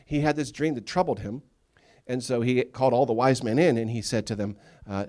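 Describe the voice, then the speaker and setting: A man preaching to his church in an animated, storytelling way. He slips into the voices of the characters for comic effect and talks at an everyday middle pitch. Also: a little fast. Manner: animated storytelling, acting out biblical characters with humor. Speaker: pastor. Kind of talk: sermon. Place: church sanctuary.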